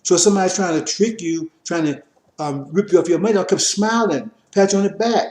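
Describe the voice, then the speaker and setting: A man giving an impassioned religious lecture, preachy and repetitive, rising to forceful emphasis. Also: high-pitched, fairly quick, roomy sound. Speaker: religious teacher.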